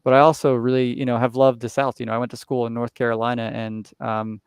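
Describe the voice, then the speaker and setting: Smooth, dry-sounding man from New Jersey. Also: mid-range voice, little pitch movement, fast talker, no room sound. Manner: rambling, many fillers and restarts. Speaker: guest. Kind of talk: casual interview chat.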